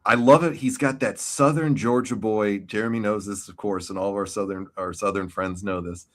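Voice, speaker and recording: Casual podcast host, New Yorker with a lowish voice, cusses freely while telling stories. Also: male voice, fairly even intonation, normal speed. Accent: New York. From New York. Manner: profane, storytelling. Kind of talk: casual wrestling chat.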